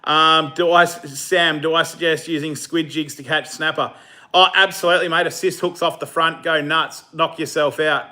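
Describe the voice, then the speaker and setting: A man with a slightly high, bright, forceful voice keeps a steady tone at normal speed as he hosts a fishing live stream. He chats casually with viewers about their comments, laughing easily and using lots of fillers.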